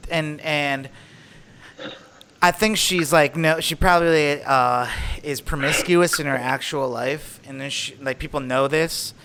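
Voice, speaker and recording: Young male co-host, bright and sharp tone, rambling filler-heavy casual chat. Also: a little high, fairly even intonation, a little slow, a little hiss or hum. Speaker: podcast co-host. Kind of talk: casual chat recapping a reality show.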